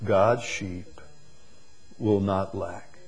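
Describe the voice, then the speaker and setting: A man preaching a sermon, drawing words out slowly and swinging from loud emphasis to hushed, quiet lines. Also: deep voice, steady tone, breathy edge, rough recording. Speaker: pastor.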